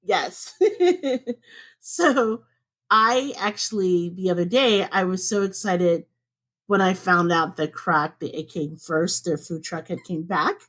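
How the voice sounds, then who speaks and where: A woman co-hosting a podcast from home, chatting casually and laughing often. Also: takes it slowly. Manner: chatty and laughs often, with lively swings up in pitch. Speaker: podcast co-host.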